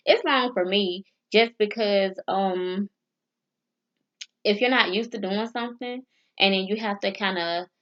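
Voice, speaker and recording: A woman's voice: mid-range voice, fairly bright tone, dull audio. A woman vlogger chatting casually as she practices phrases, hesitant and stumbling over foreign words. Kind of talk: casual study vlog.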